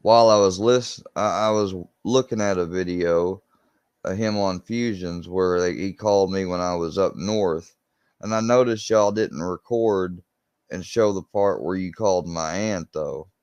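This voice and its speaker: A man's voice: low-pitched, measured pace, darkish tone, clean tone, no echo, lo-fi sound. A young man, a YouTuber ranting to his viewers, agitated and swearing as he repeats himself. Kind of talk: venting rant to camera.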